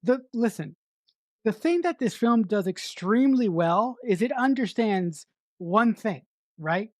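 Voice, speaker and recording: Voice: medium pitch, lively intonation, a little slow, no room sound, clean studio sound. A middle-aged podcast co-host reviewing a film in casual chat, emphatic, repeating words for effect and swearing freely.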